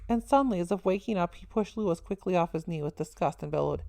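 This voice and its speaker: A woman narrating a first-person story in a steady, earnest reading voice. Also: fairly low pitch, a little fast, creaky, hardly any pauses, no echo.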